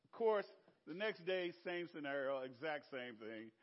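An older man with a Southern American accent preaching a sermon, telling stories with laughter and big swings between loud and soft. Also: on the high side, expressive, measured pace, dull audio. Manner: storytelling with laughter and sweeping shifts in loudness. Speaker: pastor.

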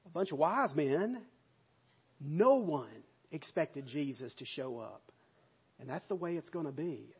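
A male pastor preaching a sermon in an emphatic way, with loud bursts for stress. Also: a little high, breathy edge, muffled recording.

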